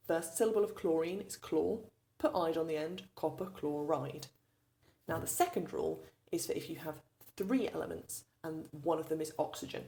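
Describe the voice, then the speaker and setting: A woman with a low, somewhat gravelly voice walks students through chemistry revision. She explains patiently, one step at a time, in the tone of a recorded teaching video. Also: a little mellow.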